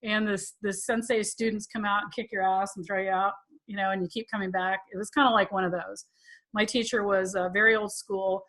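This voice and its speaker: A woman's voice: mid-range voice, level tone, brisk, a bit bright. A woman tantra teacher hosting a live Q&A, telling stories in a chatty, self-mocking way and laughing often. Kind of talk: casual storytelling to a live audience.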